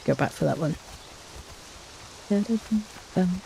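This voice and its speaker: A woman's voice: deep voice, expressive, normal speed, dark tone, slight background noise. A woman streaming a game live, chatting casually with her viewers and humming little tunes to herself.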